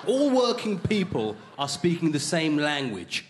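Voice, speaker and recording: A man doing a stand-up comedy set as host, delivering deadpan punchlines in front of a live studio audience. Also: a little high, a little slow, very noisy. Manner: deadpan punchlines, slips into silly put-on voices. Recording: live studio show, loud laughing audience. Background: crowd laughter.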